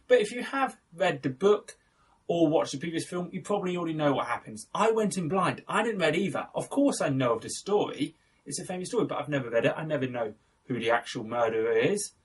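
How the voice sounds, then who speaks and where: A man's voice: on the high side, husky. A young man hosting a casual film review, chatty and enthusiastic, correcting himself as he goes.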